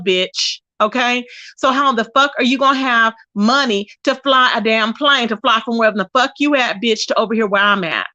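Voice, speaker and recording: Woman on a livestream going off on people, high voice, cussing nonstop, sassy, dry close sound. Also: bright, forceful tone, no echo, highs cut off. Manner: profane, combative, scornful trash talk; drawn-out sassy asides to viewers. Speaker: livestream host. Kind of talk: ranting livestream commentary.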